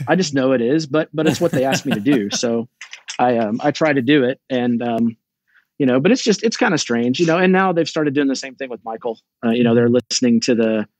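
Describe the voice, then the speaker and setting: A man's voice: medium pitch, animated, fairly quick, no echo. A middle-aged man, a race director and podcast guest, chatting casually as a storyteller who restarts his sentences often. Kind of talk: casual chat.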